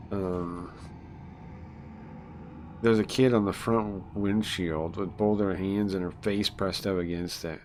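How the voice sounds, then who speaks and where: A man's voice: deep voice, steady tone, very slow, long pauses, a little hiss or hum. A man streaming a visual novel, reading its text aloud and chatting casually between passages, with frequent filler ums. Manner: rambling, many filler ums, reads game text and chats between. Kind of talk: casual live-stream chat and read-aloud.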